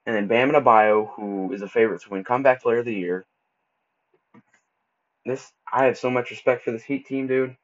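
A man hosting a casual solo podcast, talking loosely and stumbling over words as he goes, with relaxed slang. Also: medium pitch, brisk, pauses often. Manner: casual, stumbles and restarts often; laid-back slang like bro and dude. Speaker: podcast host. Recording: dull lo-fi recording.

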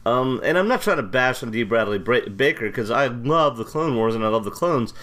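Casting: American male podcast co-host, mid-pitched, rambling and jokey, loose casual chat. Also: animated, a little fast, a bit bright. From United States. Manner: rambling, self-deprecating, jokey.

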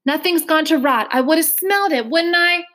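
A woman's voice: high-pitched, moderate pace, pitched above the performer's own voice. A woman voicing a tough young girl in foster care who talks sharply and bossily. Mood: impatient. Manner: sharp, bossy.

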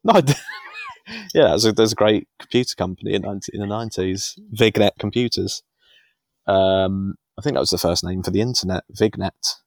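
A man's voice: fairly low pitch, lively intonation, a little fast, dry recording, studio quality. A man in his thirties co-hosting a podcast in casual chat, rambling and self-deprecating, chuckling often. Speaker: podcast co-host.

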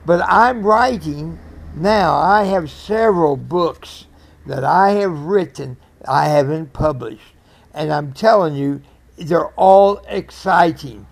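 A man's voice: on the high side, gravelly. A man in his eighties hosting a podcast, talking in a rambling, earnest way and often correcting himself. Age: 80s. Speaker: podcast host. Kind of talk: casual storytelling monologue.

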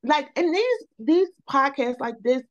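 Animated woman telling her story. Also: high-pitched, measured pace, lo-fi sound. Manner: animated storytelling, repeats words, says "y'all". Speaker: podcast guest. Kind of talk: casual chat.

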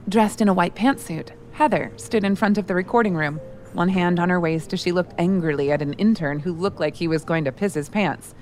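A woman reading scripted audio drama narration in a steady, even manner. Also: lowish voice, normal speed, soft background music.

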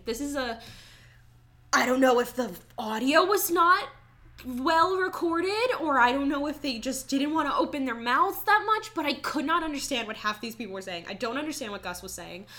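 A young woman with a high, bright, ringing voice chats casually and excitably. She swears freely and fills her talk with "like". She keeps going as a co-host in a loose, unscripted conversation. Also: moderate pace. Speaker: podcast co-host. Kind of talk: casual chat.

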